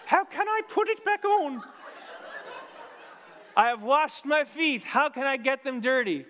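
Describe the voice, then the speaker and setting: A male preacher voicing a lovesick young woman who does not want to leave her bed, in a high, playful falsetto. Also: animated, measured pace, fairly bright tone, a little hiss or hum, heavily acted. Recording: long reverb of a large hall.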